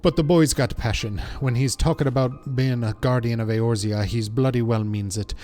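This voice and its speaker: A man reading the part of a gruff, blunt mercenary officer in a game, speaking the written dialect plainly. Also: mid-range voice, fairly even intonation, normal speed, mellow, natural voice. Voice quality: rough working-class dialect as written. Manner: plain read-aloud delivery.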